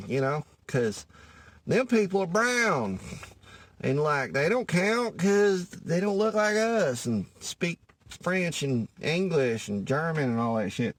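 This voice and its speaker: He talks slowly but animatedly, his voice on the high side and a bit bright. A Louisiana man with a Cajun accent, he rambles through a profane, folksy comedy monologue, addressing listeners as y'all, repeating "anyways," and frequently losing track.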